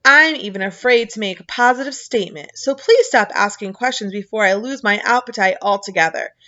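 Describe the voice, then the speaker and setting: A woman voicing a huge, fearful male jelly giant who talks loudly and can never make a firm statement, in a dull lo-fi recording. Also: medium pitch, fairly quick, natural voice. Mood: fretful. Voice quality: loud, wavering, indecisive.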